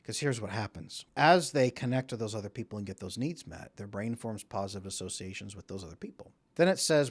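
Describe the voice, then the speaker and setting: Animated man giving relationship coaching. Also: on the low side, fairly quick, few pauses. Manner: animated, acts out quoted voices. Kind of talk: direct-to-camera advice talk.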